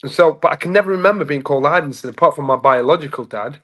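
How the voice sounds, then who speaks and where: A man in his fifties, a former boxing champion from England, telling stories casually as an interview guest and acting out the voices in them. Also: very fast. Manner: animated, acts out voices in anecdotes with rising pitch. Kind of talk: casual storytelling in a sit-down interview.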